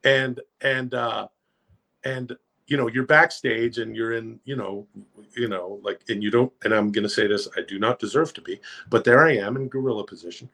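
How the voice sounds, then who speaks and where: A man casually telling rambling, profane, animated anecdotes as a podcast guest. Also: mid-range voice, moderate pace, vocal fry. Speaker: guest storyteller.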